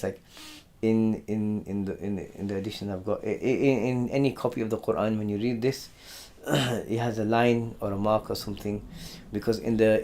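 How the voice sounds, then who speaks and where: Chatty man teaching a religious lesson. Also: on the low side. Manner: conversational, repeats words, clears throat often. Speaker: Islamic teacher. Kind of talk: religious lesson on Quran stories.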